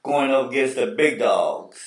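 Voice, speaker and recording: A man hosting a casual sports chat show, telling stories in an animated, slangy way. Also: mid-range voice, measured pace. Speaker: host. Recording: echoey room, distant mic.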